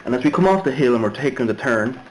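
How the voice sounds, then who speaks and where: A man's voice: medium pitch, animated, quick pace, noisy background. A young Irishman telling a story casually, rambling and digressive with many fillers and restarts. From Ireland. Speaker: vlogger.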